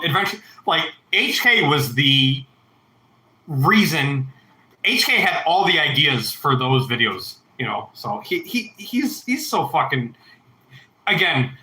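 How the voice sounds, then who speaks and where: Man, 30s, livestream host; rambling, profane, sharp bright tone, echoey room. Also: on the high side. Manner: rambling, heavy swearing, reads chat aloud. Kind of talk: casual livestream chat.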